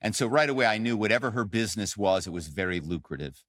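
Low-voiced man telling his story. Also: quick pace, no room sound, clean studio sound. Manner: animated storyteller, frequent "um" and "you know". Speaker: podcast guest, author and former corporate spy. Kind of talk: conversational interview storytelling.

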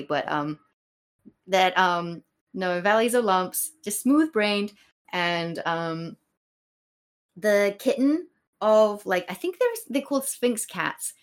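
A woman co-hosting a casual comedy podcast who rambles and giggles, leaning on fillers as she goes. She talks at an unhurried pace in a mid pitch. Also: expressive. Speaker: podcast co-host. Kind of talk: casual comedic chat about Shakespeare.

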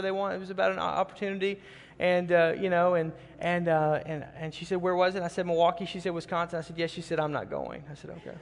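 Earnest high-voiced male pastor in a hall. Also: a bit bright, a little hiss or hum. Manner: earnest, repeats words when starting phrases. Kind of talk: sermon storytelling.

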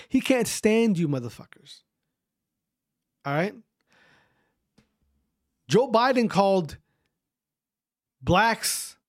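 A man's voice: high voice, dry recording, clean studio sound. A man hosting his own podcast, speaking in an emphatic, repetitive and profane rant. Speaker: podcast host.

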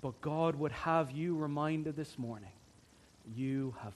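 A man preaching a sermon as pastor, earnest, swinging from soft, quiet passages to fervent, emphatic build-ups. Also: mid-range voice, fairly even intonation, a little slow, slight background noise.

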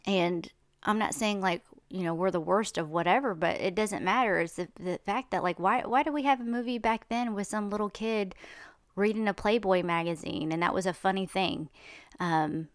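A woman's voice: mid-range voice, moderate pace, no room sound, studio quality. A woman talking in a chatty, rambling, indignant monologue. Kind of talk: casual monologue.

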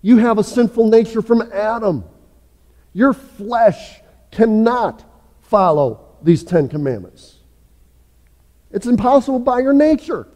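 High-voiced pastor preaching in a reverberant hall. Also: male voice, lively intonation, takes it slowly, long pauses. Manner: earnest preaching, builds up then drops low and soft. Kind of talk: sermon. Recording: long church reverb.

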